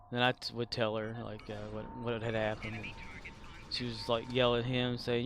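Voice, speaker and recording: A man's voice: medium pitch, monotone, normal speed, smooth. A man livestreaming, casually telling family stories in a rambling way with fillers. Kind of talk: casual storytelling on a game stream.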